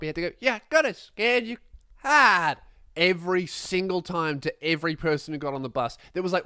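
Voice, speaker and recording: A young man telling a comic story as a podcast host, animated and swearing, acting out other people's voices. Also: a little high, dry recording, clean studio sound.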